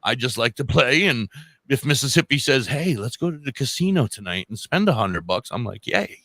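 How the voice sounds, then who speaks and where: A man chatting casually on a podcast, swearing freely and acting out quotes in an animated way. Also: medium pitch, fairly quick, no echo. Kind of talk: casual profane chat.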